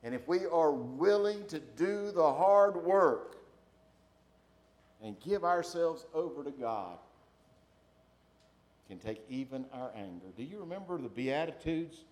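A man preaching a sermon to his congregation, then leading a quiet prayer. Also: a little high, animated, slow pace, long pauses. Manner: swings from loud emphatic preaching to soft hushed prayer. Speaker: pastor. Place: church sanctuary.

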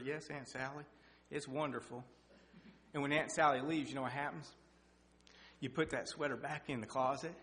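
A middle-aged man preaching a sermon with personal testimony, folksy and animated, his voice rising for emphasis. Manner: folksy, animated, climbs in pitch and loudness for emphasis. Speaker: lay preacher. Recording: echoey hall with faint hum.

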